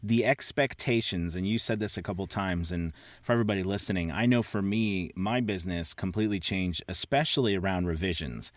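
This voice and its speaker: A man's voice: low-pitched, a little fast, few pauses, dry recording. A man from Virginia hosting a podcast, chatting enthusiastically, laughing often and restarting his sentences. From Southeast Virginia. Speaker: podcast host. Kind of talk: casual interview chat.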